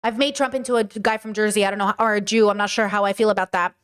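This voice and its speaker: A woman's voice: fairly high pitch, fast, hardly any pauses, a bit bright. A woman hosting a casual reaction podcast, blunt and profane, wandering into rambling asides. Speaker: podcast host reacting to news clips. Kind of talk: casual commentary.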